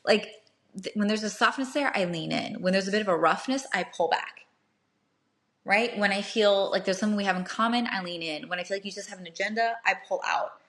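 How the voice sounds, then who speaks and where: A woman's voice: medium pitch, fairly quick, a bit bright. Chatty woman giving dating advice. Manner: chatty, checks in with "right?", acts out little dialogues. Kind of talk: casual advice talk to a live audience.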